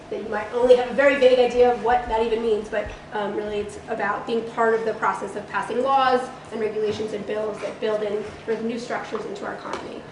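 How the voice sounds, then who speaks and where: Hoarse woman lecturing in an echoey hall. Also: a little high. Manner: participatory, conversational, frequent ums. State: hoarse, losing her voice. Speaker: guest lecturer. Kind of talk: college lecture. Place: college lecture room. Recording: echoey room with background noise.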